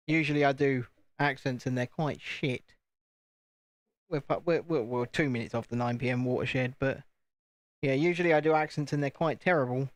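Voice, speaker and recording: A man's voice: mid-range voice, normal speed, no echo. A British man chatting casually on a live stream while building, talking to himself and joking at his own expense. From United Kingdom. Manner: chatty, self-deprecating, talks to himself.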